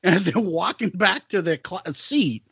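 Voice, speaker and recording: Laughing, high-pitched middle-aged man. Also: normal speed, vocal fry, slightly rough, no echo. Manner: laughs through his stories, profane and animated. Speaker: podcast co-host. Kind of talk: casual chat, storytelling.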